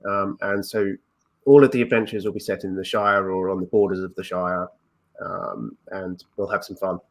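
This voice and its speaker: A man's voice: deep voice, normal speed, vocal fry. A man chatting as a podcast guest, hesitant with many ums, laughing easily. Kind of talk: casual chat.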